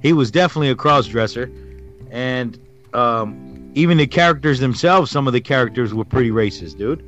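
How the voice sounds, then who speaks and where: A man's voice: mid-range voice, animated, fairly quick, a bit bright, faint music behind. A middle-aged man co-hosting a podcast, telling stories in a rambling, hesitant way full of ums. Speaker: podcast co-host. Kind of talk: casual storytelling chat. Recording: dull lo-fi recording.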